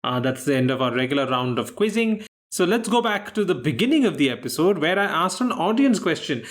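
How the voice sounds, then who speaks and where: A man's voice: a little high, sing-song. Dry-witted man hosting a quiz podcast. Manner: dry, teasing humor with thoughtful pauses. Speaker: quizmaster co-host. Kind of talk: casual podcast chat.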